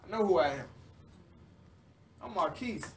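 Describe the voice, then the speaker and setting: A man's voice: sits high, animated, unhurried, far from the mic, slight background noise. A man teaching the Bible to a live group in a fervent sermon, repeating lines and drawing the listeners into call-and-response.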